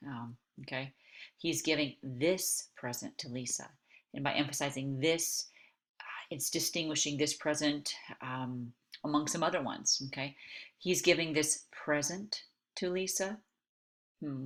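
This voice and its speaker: A woman's voice: deep voice, fairly bright tone. A woman instructor giving a recorded video lecture in a conversational way, often checking in with "okay?".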